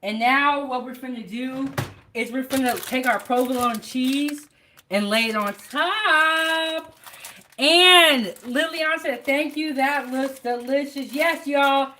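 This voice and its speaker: A woman's voice: high voice, slow pace, pushed and bright, slight background noise. A woman hosting a live home cooking show, chatting casually to her viewers from her kitchen. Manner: chatty, talks straight to viewers.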